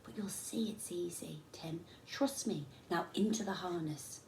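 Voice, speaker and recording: A woman's voice: lowish voice, measured pace, gravelly, darkish tone, a little hiss or hum. Encouraging, reassuring male climbing instructor, read by a woman from a storybook, echoey room. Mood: coaxing. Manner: coaxing and reassuring.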